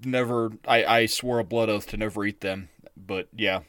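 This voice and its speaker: A man co-hosting a podcast in a rambling, casual chat style, full of fillers and quick laughs. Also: on the low side, steady tone, fairly bright tone, smooth, dry recording, clean studio sound. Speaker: podcast co-host.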